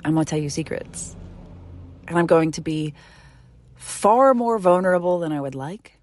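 A middle-aged woman hosting her own podcast, speaking earnestly and from the heart, sometimes dropping to a soft whisper. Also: on the low side, lively intonation, normal speed. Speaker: podcast host. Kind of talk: intimate solo podcast monologue. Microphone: studio microphone.

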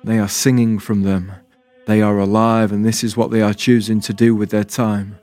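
A man voicing a small, gentle, wise male mouse who speaks softly and quietly. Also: fairly low pitch, little pitch movement, moderate pace, no room sound, soft background music, lightly acted. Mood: gentle awe.

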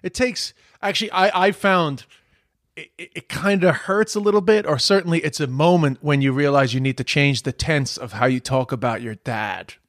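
A man's voice: on the high side, normal speed, fairly bright tone, no room sound. Comedian, man, thoughtful casual talk, stammering restarts, dry close sound. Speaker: podcast host, comedian. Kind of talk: casual chat.

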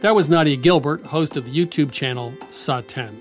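A man's voice: fairly high pitch, normal speed, music in the background. A man hosting an interview in a friendly, self-deprecating way, laughing easily. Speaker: host. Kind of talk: casual interview.

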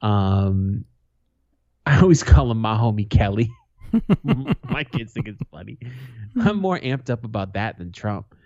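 A man co-hosting a casual podcast, his pitch leaping around as he tells loose, profane stories and breaks into laughter. His voice is mellow and dark. The sound is dry and a little dull, like a lo-fi home setup. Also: sing-song, measured pace, pauses often, no room sound. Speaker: podcast co-host.

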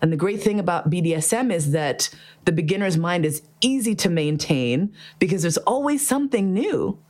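A woman in casual podcast chat, telling a story in a lively way and swearing often. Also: on the low side, moderate pace. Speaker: podcast host.

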